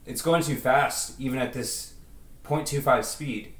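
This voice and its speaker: A man's voice: mid-range voice, measured pace, fairly bright tone, recorded from a distance. A man chatting casually and ramblingly in a self-deprecating vlog, talking into a headset in his bedroom. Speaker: video creator. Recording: roomy echo.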